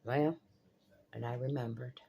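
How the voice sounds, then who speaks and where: A woman's voice: very deep voice, fairly even intonation, a little slow, creaky, warm tone, slightly rough. An older woman vlogging casually from her home kitchen, blunt and swearing freely as she rants in exasperation. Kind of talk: casual vlog chat. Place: home kitchen by pool windows.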